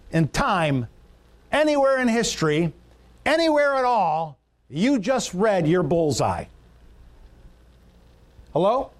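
High-voiced preacher building repetitive lists. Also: male voice. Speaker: pastor. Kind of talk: sermon.

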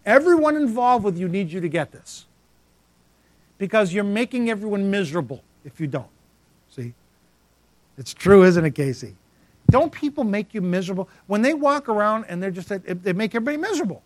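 A man's voice: sits high, very animated, brisk, no room sound. A man preaching a sermon as pastor, emphatic and repetitive, calling out congregants by name.

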